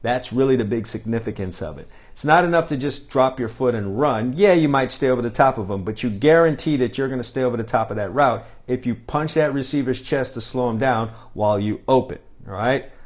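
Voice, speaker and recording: A man's voice: mid-range voice, brisk, few pauses. Man coaching over drill footage. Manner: instructive, repeats cues and "all right?". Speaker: football coach.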